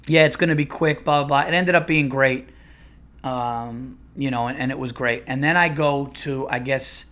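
Man, comedian, casual storytelling, profane, rambling, restarts, middle pitch. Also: fairly bright tone. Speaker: comedian and podcast host.

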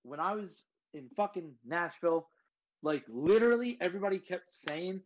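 A man's voice: a little high, animated, brisk, rough recording. A man co-hosting a sports podcast in casual chat, brash and riled up, with plenty of cursing. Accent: put-on accent at times. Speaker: podcast co-host.

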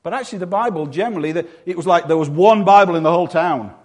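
A man from England preaching a sermon with humor, acting out quick voices and quotes. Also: sits high.

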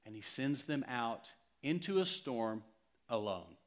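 A male pastor preaching a sermon in a conversational, emphatic way, swinging from loud to hushed. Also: medium pitch, very animated, measured pace.

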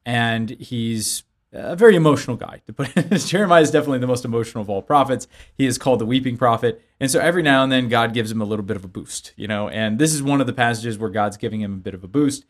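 A man explaining a Bible passage conversationally, with lively everyday examples, on a talk show. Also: mid-range voice, fast talker.

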